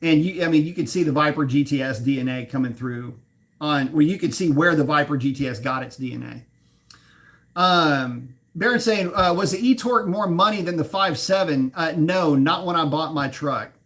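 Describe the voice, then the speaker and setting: A man's voice: on the high side, normal speed, a bit bright. A man hosting a casual live car chat, reading viewers' comments aloud and riffing on them, swearing now and then and laughing at his own slips. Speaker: livestream host reading chat.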